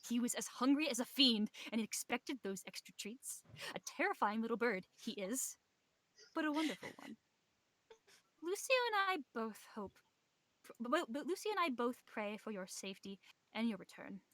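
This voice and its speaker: A woman's voice: a little high, animated, normal speed, dry recording. Brief: a woman reading the part of a kindly, rambling old temple mentor, plain voice, dry close sound. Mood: tender. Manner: reads in plain own voice, warm and wistful. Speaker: game master reading a letter. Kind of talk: narrating a tabletop game.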